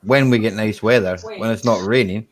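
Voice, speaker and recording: A Scottish man hosting a relaxed online chat, dropping in "aye" and "man" often. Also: lowish voice, a little fast. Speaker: channel host. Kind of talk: casual chat.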